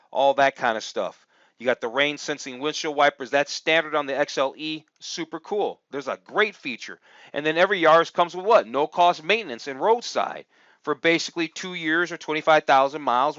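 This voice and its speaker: A man's voice: a little high, a bit bright, smooth, dry recording, highs cut off. A man giving a casual, upbeat car review, chatting and thinking aloud with lots of fillers as he goes. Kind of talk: casual screen-share review commentary.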